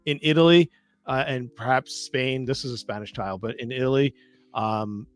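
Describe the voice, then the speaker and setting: A man's voice: mid-range voice, fairly even intonation, normal speed. A man in casual chat, explaining tile products at length in a rambling, knowledgeable way and teasing his co-host. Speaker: tile company guest expert.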